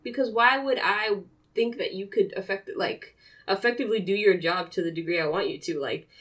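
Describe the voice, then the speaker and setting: A woman co-hosting a casual political chat, blunt and profane, chiming in with quick agreement. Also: mid-range voice, a bit bright. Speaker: podcast co-host.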